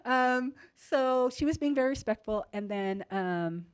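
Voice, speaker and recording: A woman co-hosting a radio talk show, telling a story in a casual, animated way with lots of "like" and "you know", and acting out the other people's voices. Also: measured pace, clear, resonant tone, no echo. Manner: animated, acts out quoted voices with big pitch jumps.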